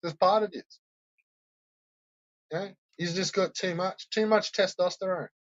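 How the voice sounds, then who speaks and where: A man hosts a troll-reaction stream, delivering profane ranting commentary as he mocks viewers and swears constantly. His voice is high, unhurried and fairly even in intonation. The highs are cut off in the recording.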